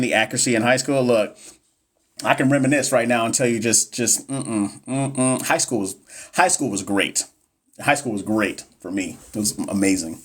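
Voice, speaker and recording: A man in his thirties tutoring nurses on a livestream, reading exam questions and joking with the chat. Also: mid-range voice. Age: 30s. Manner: chatty, joking, reads questions aloud to the chat. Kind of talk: casual livestream teaching.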